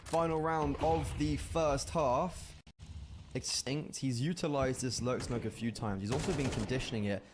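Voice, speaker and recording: A man casting a live competitive shooter match as play-by-play commentator, animated and rising in bursts at big plays. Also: medium pitch, normal speed, noisy background. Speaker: esports caster.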